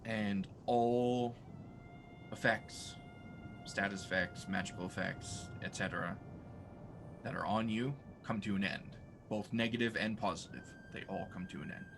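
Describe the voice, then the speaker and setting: Game master, man, low voice, unhurried halting narration, music under it. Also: vocal fry. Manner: relaxed, halting narration with fillers.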